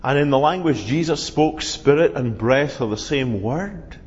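Lively-voiced male preacher in echoey hall. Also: mid-range voice, unhurried. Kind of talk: sermon. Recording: dull, reverberant hall sound.

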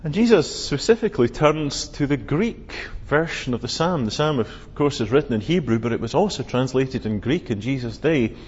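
A man's voice: mid-range voice, expressive, moderate pace, hardly any pauses, husky. A man preaching a sermon, expounding scripture earnestly and emphatically, lifting his voice on quoted cries. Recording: lo-fi with long hall reverb.

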